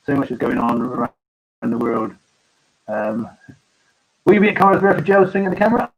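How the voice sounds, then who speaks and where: Man, farmer host, halting casual live-stream chat, somewhat husky, dull lo-fi audio. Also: mid-range voice, animated. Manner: halting, full of ums and restarts.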